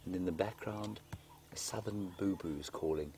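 Low gravelly safari guide. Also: male voice, moderate pace, heavy background noise. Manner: chatty, answers viewer questions, drops to hushed excitement when animals appear. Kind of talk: live safari commentary. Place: outdoors in a game vehicle in the bush.

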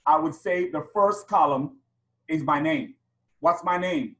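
A man's voice: on the high side, measured pace, fairly bright tone, rough recording. A middle-aged man leading a teaching workshop, asking the audience questions and chanting letters to a beat. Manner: asks the audience rhetorical questions. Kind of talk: workshop lecture with chanted demonstrations.

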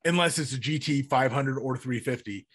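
Male podcast co-host, average pitch, easygoing, keeps asking how things work. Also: normal speed, fairly bright tone, slightly rough. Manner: curious, asks lots of technical questions. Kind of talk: casual car chat.

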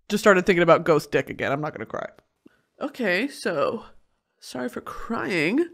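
A young adult woman hosting a podcast, ranting in a crude, comedic, animated way with bursts of shouting and laughter. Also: on the low side, normal speed. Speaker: podcast host. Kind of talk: casual comedic podcast rant.

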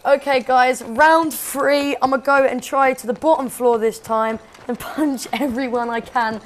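A man giving excitable, shouty let's-play commentary. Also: very high voice, measured pace. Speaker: gaming YouTuber. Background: loud game music and sounds.

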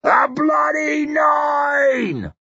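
A man voicing a battle-drunk male warrior who bellows a slow, drawn-out war chant. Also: very high voice, lively intonation, pushed and bright, shouting, pitched above the performer's own voice, full character voice. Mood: frenzied chanting. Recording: dull lo-fi audiobook recording.

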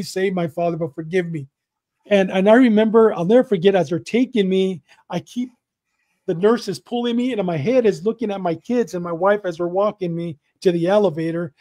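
A middle-aged man with a fairly high but mellow voice tells a deeply personal story in an earnest, repetitive way. He slips into remembered conversations as he goes. The recording is dry and close. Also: dry recording. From Southern California. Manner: earnest, repeats himself, acts out both sides of remembered dialogue. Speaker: guest, retired police detective.

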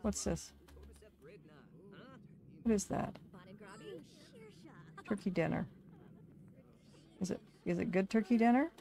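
A woman's voice: mid-range voice, takes it slowly, creaky, long pauses, dark tone. A woman giving casual, chatty commentary over her life-sim game, talking to her characters like a fussing parent. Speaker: gaming video creator.

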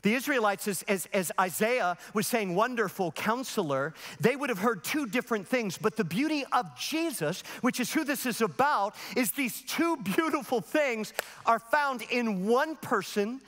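Animated, high-voiced man preaching. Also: moderate pace, long reverb tail. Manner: animated storytelling with voices and laughs. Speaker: pastor. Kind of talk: sermon. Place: large church sanctuary.

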